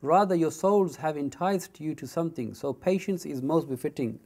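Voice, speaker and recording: Gravelly man teaching Quran commentary. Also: on the high side, a little mellow. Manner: recites Arabic verses quickly, then explains in English with frequent asides. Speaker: Islamic teacher explaining Quran verses. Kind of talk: Quran tafsir lesson, recitation and explanation.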